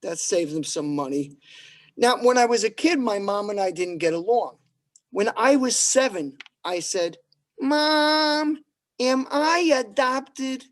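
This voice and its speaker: A man doing stand-up one-liners at an open mic, with a deadpan delivery and pauses before each punchline. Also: high voice. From New York.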